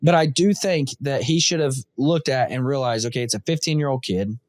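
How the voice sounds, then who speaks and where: Animated storytelling man, dry close sound. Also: mid-range voice, brisk, no echo. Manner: animated storyteller, acts out quotes. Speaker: podcast host. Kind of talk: casual conversation.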